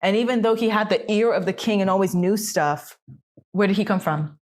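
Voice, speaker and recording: A woman's voice: medium pitch, a little fast, a little mellow. A woman co-hosting a podcast, talking through a film in a thoughtful, questioning way. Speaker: podcast co-host. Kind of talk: casual conversational film discussion.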